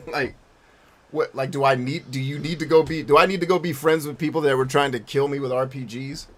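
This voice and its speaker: A man's voice: medium pitch, fairly even intonation, a little fast. A man streaming a game and answering his chat in a blunt, profane, rambling way, often restarting his sentences. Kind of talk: casual chat while gaming.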